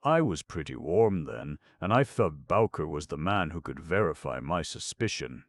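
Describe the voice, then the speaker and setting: Eager young gent in an audiobook, man reading, deep gravelly voice, brisk and excited. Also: dry recording, studio quality, exaggerated voice. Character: eager young Boston gentleman. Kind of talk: audiobook narration.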